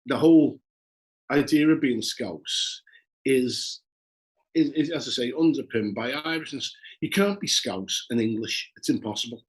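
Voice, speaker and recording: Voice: medium pitch, animated, a little slow, breathy edge. A speaker in a casual interview, talking emphatically and with force.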